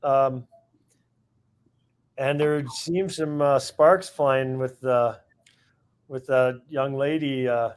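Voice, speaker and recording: A man's voice: mid-range voice, fairly even intonation, drawn-out words, pauses often. Hesitant man, ordinary voice. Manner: hesitant, many fillers. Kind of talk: casual chat.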